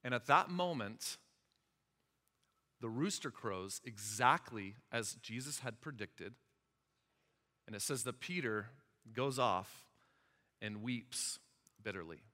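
A man preaching a sermon as pastor, animated and asking the listeners questions. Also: mid-range voice, slow pace, pauses often. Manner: animated, asks the audience questions. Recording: long hall reverb.

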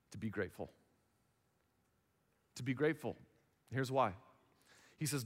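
A man's voice: mid-range voice, long reverb tail. A man in his thirties preaching a sermon as pastor, conversational, acting out little dialogues. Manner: conversational, acts out little dialogues in other voices.

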